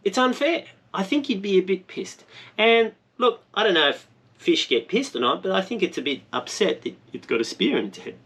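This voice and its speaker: A man's voice: sits high, animated, moderate pace, fairly bright tone, husky. An Australian man narrating his spearfishing vlog in a rambling, jokey, self-mocking way. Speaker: spearfishing vlogger.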